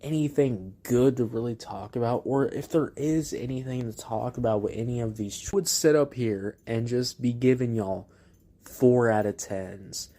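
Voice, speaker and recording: A man hosting his own album review, talking in a blunt, profane, exasperated way. His voice sits at an ordinary pitch, and he speaks casually, as if to his viewers. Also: moderate pace, mellow. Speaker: music reviewer host.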